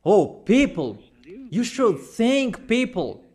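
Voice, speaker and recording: A man's voice: high voice, very animated, slow, a little mellow, husky. A man preaching a sermon, speaking insistently and repeating his warnings to the listeners.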